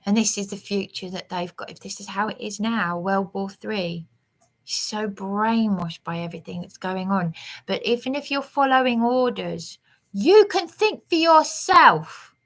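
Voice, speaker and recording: A woman's voice: on the high side, pushed and bright. A woman giving a rambling, aggrieved vlog monologue with emphatic outbursts. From England. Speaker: vlogger.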